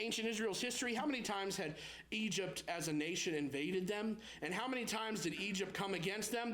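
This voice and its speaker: A male pastor preaching a sermon, telling personal stories and acting out anxious prayers in a raised, pleading voice. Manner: animated preaching, acts out prayers in a high pleading voice; storytelling with personal anecdotes.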